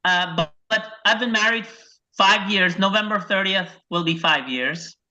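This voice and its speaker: A man from Iraq doing a stand-up set over a video call, telling deadpan one-liners and acting out his wife and his dog. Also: high-pitched, measured pace. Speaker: stand-up comedian. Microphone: video call microphone. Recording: dull lo-fi video call audio.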